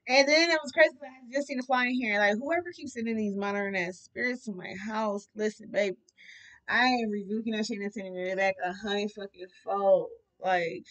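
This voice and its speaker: A woman talks through a tarot reading in a loose, casual monologue. She is blunt and animated, with plenty of profanity, and her voice sits at a middle pitch. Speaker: tarot reader.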